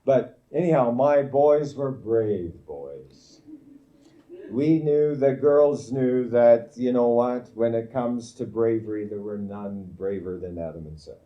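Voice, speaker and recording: A man's voice: mid-range voice, slow pace. A man preaching at a camp meeting, telling a family story in an anecdotal way, full of fillers and restarts. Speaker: guest preacher. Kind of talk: storytelling sermon. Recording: dull lo-fi recording.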